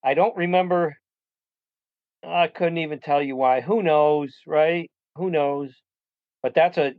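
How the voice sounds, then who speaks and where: A sports journalist being interviewed, speaking in an earnest, reflective way. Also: male voice, on the high side, measured pace, long pauses, clear, resonant tone, dry recording. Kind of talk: casual interview chat. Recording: tinny dry phone line.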